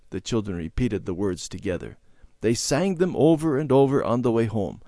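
A man narrating a children's Bible story with measured, clear delivery. His mid-range voice moves with lively, expressive intonation. The recording is dry and close. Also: mid-range voice, dry recording.

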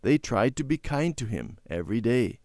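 A man reading a children's Bible story aloud in a gentle, clear storytelling manner. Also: mid-range voice, big pitch swings, moderate pace, no room sound, studio quality.

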